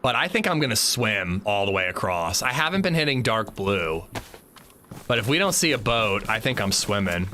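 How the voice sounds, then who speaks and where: A man's voice: fairly low pitch, sing-song, moderate pace, sharp tone, a little hiss or hum. A man streaming a game, chatting casually and jokingly answering his chat. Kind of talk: casual livestream chat while gaming.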